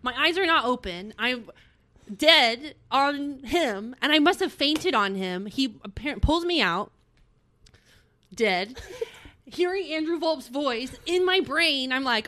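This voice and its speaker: A young woman telling a story in casual chat, animated and swearing, acting out what people said. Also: high-pitched, takes it slowly.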